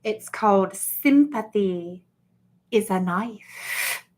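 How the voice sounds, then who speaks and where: A woman's voice: mid-range voice, animated, drawn-out words. A woman chatting casually on a livestream, rambling and swearing as she talks straight to her viewers. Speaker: livestream host.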